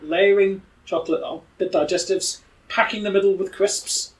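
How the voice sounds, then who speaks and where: A man's voice: high voice, fairly even intonation, normal speed, distant mic, low-quality recording. A man playing a tabletop game, tossing out wisecracks and jokes. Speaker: player.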